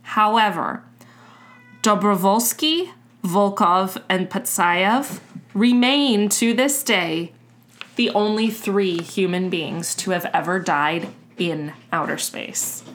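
A woman hosting a podcast, recounting a story in a relaxed, chatty way and swearing casually. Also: mid-range voice, slow pace. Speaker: podcast host.

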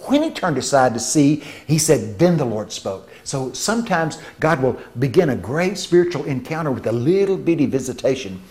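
A man preaching a sermon, telling stories with vocal sound effects and swinging between hushed tones and shouts. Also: mid-range voice, very animated, normal speed, few pauses. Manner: shifts from hushed to shouting for emphasis.

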